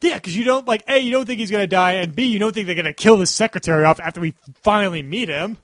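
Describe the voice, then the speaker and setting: A man's voice: sits high, fast, a bit bright, no echo. A man hosting a casual podcast chat, rambling with many "like" fillers. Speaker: podcast host.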